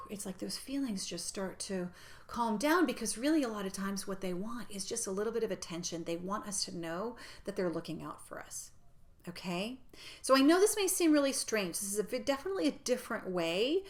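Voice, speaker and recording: A woman giving a reflective personal growth talk in a gentle, reassuring way, sometimes dropping to a soft near-whisper. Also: medium pitch, big pitch swings, normal speed.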